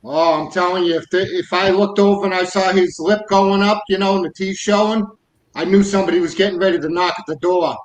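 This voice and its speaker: A man's voice: sits high, steady tone, fairly quick. A man telling folksy, emphatic stories in a casual group chat. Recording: roomy echo.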